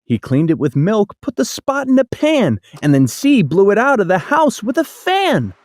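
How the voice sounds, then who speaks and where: A storyteller reading a rhyming picture book aloud in an expressive, sing-song way. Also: medium pitch, normal speed, no echo.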